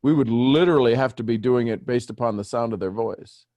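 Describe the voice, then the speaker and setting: A man leads a group coaching session over a video call. His voice jumps up high when he gets animated and teases the group. The sound is dry and close, with no room around it. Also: brisk, no room sound. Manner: animated, teasing, questioning step by step. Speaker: host coaching callers.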